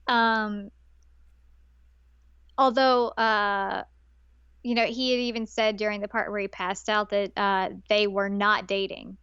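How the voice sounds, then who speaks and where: This podcast co-host is a woman with a medium-pitched voice who talks slowly and pauses often. She chats casually through an anime episode recap, playing out the characters' lines with laughter and animation. Her tone is clean, though the dry recording sounds muffled.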